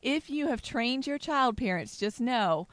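A woman's voice: fairly high pitch, lively intonation, a little slow, a loud crowd. A woman co-hosting a casual chat about parenting, earnest, laughing often, acting out quotes. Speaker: co-host, mother.

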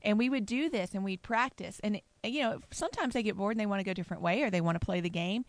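A woman's voice: mid-range voice, fast, no room sound. A woman co-hosting a casual chat about parenting, earnest, laughing often, acting out quotes. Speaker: co-host, mother.

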